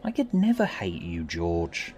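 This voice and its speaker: A man voicing an anxious, earnest young boy in a storybook reading, high and pleading. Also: wildly swooping pitch, a little slow, darkish tone, slight background noise, heavily acted.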